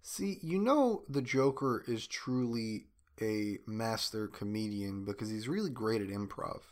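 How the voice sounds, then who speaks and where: A man's voice: on the low side, animated, unhurried. A man co-hosting a podcast, joking in playful, casual banter about a movie. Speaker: podcast co-host.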